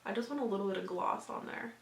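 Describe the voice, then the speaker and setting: A woman's voice: medium pitch, fast talker, creaky, echoey room. A woman in her twenties, a beauty vlogger, chatting casually through a makeup tutorial with lots of fillers. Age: 20s. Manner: chatty, filler-heavy, upbeat.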